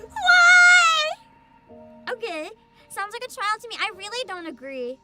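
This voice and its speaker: Very high-voiced blunt woman streamer. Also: sing-song, a little fast. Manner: blunt, swears, laughs often. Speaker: streamer reacting to a game showcase. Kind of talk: casual live-stream reaction. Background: loud game trailer music.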